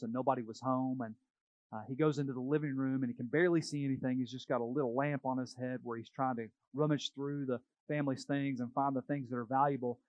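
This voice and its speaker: A man's voice: medium pitch, no room sound, highs cut off. A man preaching a sermon as pastor, in a conversational storytelling manner.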